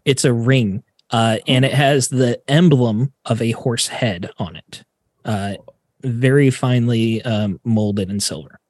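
A man runs a tabletop session and narrates what the players find in a loose, chatty way, full of ums and restarts. His voice sits at an ordinary middle pitch and sounds dry and close to the mic. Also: takes it slowly, no room sound. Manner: relaxed, chatty, filler-heavy. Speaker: game master.

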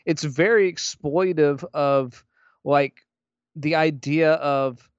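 A man's voice: on the high side, slow, clear, resonant tone, no room sound, highs cut off. A man co-hosting a casual movie-review podcast, blunt and dismissive, with many fillers. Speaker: podcast co-host.

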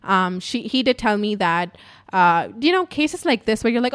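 Young woman, storytime vlog, profane chatty delivery, animated, at home. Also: medium pitch, normal speed. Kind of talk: casual storytime monologue. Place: apartment.

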